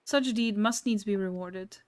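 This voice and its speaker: A woman's voice: medium pitch, unhurried, smooth, close to an everyday voice. A woman reading aloud the lines of a mysterious, smug male game figure, with formal, old-fashioned diction. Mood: grandiose. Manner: archaic, formal and mock-gracious diction.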